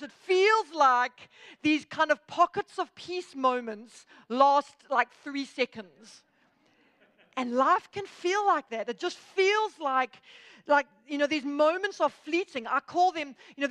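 A woman's voice: sits high, a bit bright. A South African woman in her thirties giving a humorous, chatty motivational talk. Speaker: speaker.

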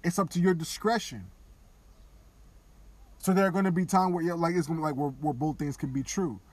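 A man podcasting, talking candidly and casually, now and then dropping into quiet mock voices of others. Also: a little high, steady tone, a little fast, dry recording. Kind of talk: casual opinion talk.

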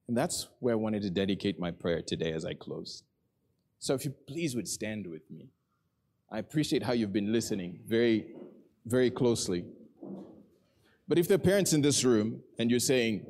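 A middle-aged man preaching a sermon in a church, telling a story with earnest energy that settles into quiet, prayerful tones. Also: lowish voice. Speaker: pastor. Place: church hall with a congregation.

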